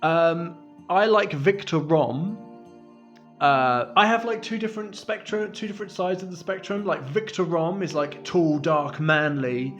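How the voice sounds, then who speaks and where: A man's voice: on the high side, a little slow, fairly bright tone, dull audio, soft background music. A middle-aged man from the UK chatting casually to camera as a vlogger, self-deprecating and laughing often.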